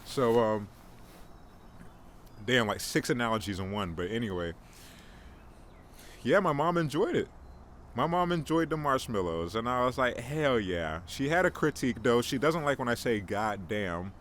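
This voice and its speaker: A man's voice: medium pitch, lively intonation, moderate pace, pauses often, fairly bright tone. A young man hosting a casual solo podcast, rambling and joking about himself with lots of restarts. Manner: rambling, joking, self-mocking, frequent restarts. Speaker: podcast host. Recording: faint background noise.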